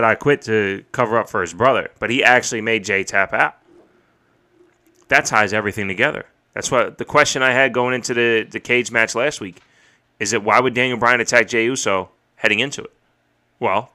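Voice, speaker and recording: Excitable profane man recapping wrestling. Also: fairly low pitch. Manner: excited, profane, recounts and quotes matches. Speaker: podcast host. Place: home streaming setup.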